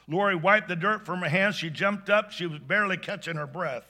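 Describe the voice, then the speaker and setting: A man narrating a story with a bright, sharp, fairly high voice. He is animated, dropping to a hush and then surging with excitement. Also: a little fast, few pauses. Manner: animated, swings between hushed and excited. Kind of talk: expressive spoken storytelling.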